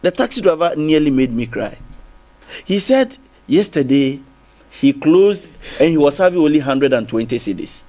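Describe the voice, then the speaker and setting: A man's voice: a little high, big pitch swings, normal speed, dark tone. A man with a Ghanaian English accent arguing as a guest on a TV panel, circling back with repeated restarts and rhetorical questions. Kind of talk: heated TV panel debate.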